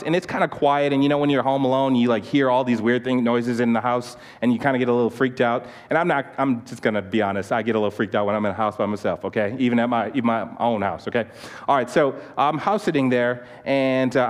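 Male pastor, mid-pitch, chatty sermon delivery with restarts, long hall reverb. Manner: animated storytelling, many restarts, repeats "okay?"; turns soft and low in prayer. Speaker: youth pastor. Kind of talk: sermon with personal story.

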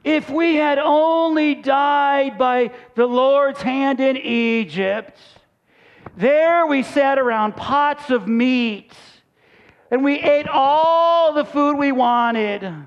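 Whiny desert crowd, played by a man, drawn-out moaning, slow and raised, muffled lo-fi sound. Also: extremely high pitch, in a large hall, pitched above the performer's own voice, heavily acted. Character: whining, self-pitying crowd of hungry desert wanderers.

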